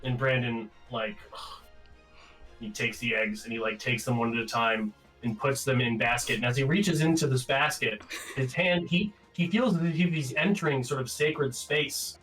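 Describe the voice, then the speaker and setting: A man narrating his character in a tabletop game, animated and laughing. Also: medium pitch. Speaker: player. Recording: distant mic with background music.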